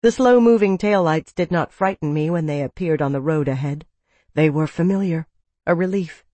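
A woman narrating a novel in a measured, even storytelling manner, close to the mic. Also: low-pitched, no room sound. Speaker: audiobook narrator. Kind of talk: scripted narration.

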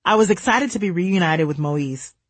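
A woman's voice: lowish voice, animated, normal speed, dry recording. A woman from the United States, narrating her own memoir in a candid, wry way.

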